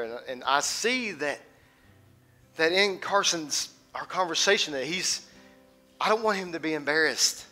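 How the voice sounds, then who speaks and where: A man in his thirties preaching a sermon as a teaching pastor, swinging from loud and passionate to hushed and intimate. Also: a little high, animated, moderate pace, soft background music.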